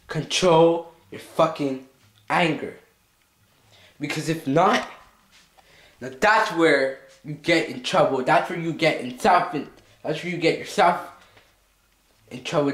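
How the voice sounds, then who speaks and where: A man's voice: a little high, measured pace, pauses often, a bit bright, echoey room. A male vlogger in an agitated comedic skit, swearing a lot and stammering over his words. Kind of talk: comedic self-argument skit.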